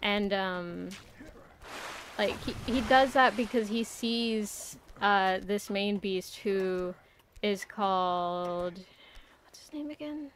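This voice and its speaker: A woman's voice: medium pitch, slow, slight background noise. A young woman streaming a game, chatting casually, rambling and swearing with lots of fillers. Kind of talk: casual live-stream chat.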